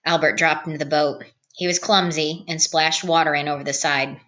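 A woman reading a novel aloud as an audiobook narrator, in a calm, even read-aloud manner. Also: low voice, moderate pace. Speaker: audiobook reader. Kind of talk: storybook narration.

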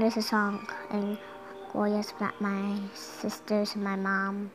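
Over music, a young girl slowly talks through a game at home, chatty and giggly, humming along at times. The woman's voice is medium-pitched and monotone, and the recording is rough.

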